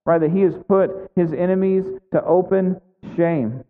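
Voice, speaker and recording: A man's voice: sits high, moderate pace. A male pastor preaching a sermon in a conversational way, often checking in with "right?". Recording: tinny phone-like sound with long hall reverb.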